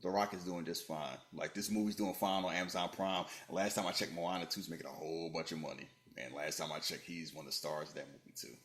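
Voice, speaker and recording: A man hosting a podcast in casual movie chat, joking and animated, jumping from loud bursts to low muttering. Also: fast, hardly any pauses. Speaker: podcast host. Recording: roomy echo.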